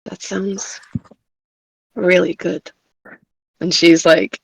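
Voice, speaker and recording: A woman playing her character in a tabletop game, speaking softly and hesitantly with many fillers. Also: lowish voice, fairly even intonation, takes it slowly, creaky, pauses often, breathy edge, dry recording, poor audio. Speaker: player. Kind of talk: in-character tabletop role-play.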